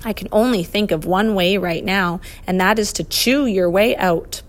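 A stern, kindly old professor, as a woman reading a storybook puts him on, speaking in a measured, reasoning way. His voice sits in a middling register. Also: mid-range voice, natural voice. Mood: patient, firm. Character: kindly but stern older male professor.

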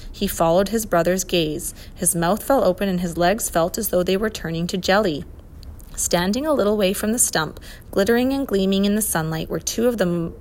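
Woman reading a children's story aloud. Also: mid-range voice. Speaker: narrator.

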